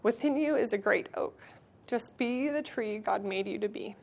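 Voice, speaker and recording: A woman voicing a tall, gentle mother oak tree in a read-aloud storybook, speaking softly and soothingly. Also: a little high, moderate pace, vocal fry. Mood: gentle reassurance.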